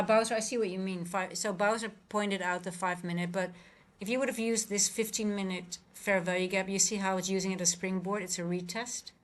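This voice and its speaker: A woman's voice: mid-range voice, a bit bright. Dutch woman, trading streamer, loose chatty delivery, reads chat aloud, fixes her own slips mid-sentence. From Netherlands. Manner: chatty, self-correcting, reads and answers live chat.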